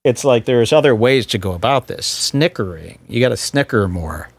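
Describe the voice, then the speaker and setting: Sarcastic, animated male podcast host. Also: mid-range voice, moderate pace, no echo. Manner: sarcastic, mocking, lively delivery. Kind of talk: casual comedic commentary.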